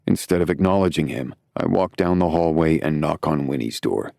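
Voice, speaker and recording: A man narrates a first-person romance audiobook in a low-key, wry way. His voice is very deep with a gravelly rasp. It sounds close to the mic in a dry, dead studio. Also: normal speed, mellow, no echo.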